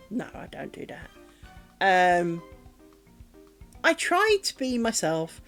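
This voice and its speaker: A woman's voice: mid-range voice, sing-song, measured pace, pauses often, fairly bright tone, faint music behind. A British woman streaming her craft work, chatting candidly and rambling, with a self-deprecating streak and the odd swear word. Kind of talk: casual chat. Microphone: streaming mic.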